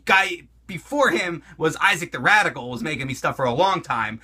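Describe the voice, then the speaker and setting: A loud, foul-mouthed middle-aged man answers viewer questions in a comedic monologue. His voice sits high for a man and swings up and down a lot. The tone is very bright and cutting. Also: animated, moderate pace. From United States. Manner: loud, crude and swearing, with laughs.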